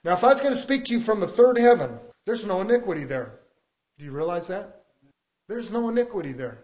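A man's voice: high voice, expressive, fairly quick, darkish tone. A man preaching a sermon to his church, building emphasis with rhetorical questions. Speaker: pastor.

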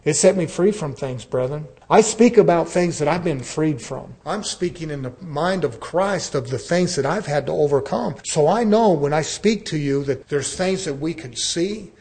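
A man preaching with earnest conviction in a voice that sits a little high for a man. He talks to his congregation as brethren and slips into a relaxed storytelling delivery, acting out the dialogue in his examples. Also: normal speed, hardly any pauses. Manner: conversational storytelling with acted-out dialogue. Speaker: pastor. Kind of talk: sermon.

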